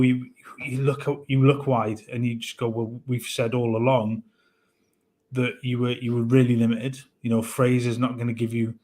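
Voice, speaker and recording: A man talking through his football club's squad in a steady, level voice with little rise and fall. He is measured and thoughtful, often restarting his sentences as he works out a point. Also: medium pitch. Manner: measured, hesitant with many restarts. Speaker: co-host of a football fan show. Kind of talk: casual football analysis.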